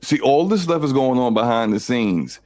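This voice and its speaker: A man's voice: medium pitch, expressive, moderate pace, a little mellow, no echo, faint music behind. A man co-hosting a gaming podcast, talking casually and insistently, often repeating words as he argues a point. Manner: rambling, emphatic, repeats words when arguing. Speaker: podcast co-host.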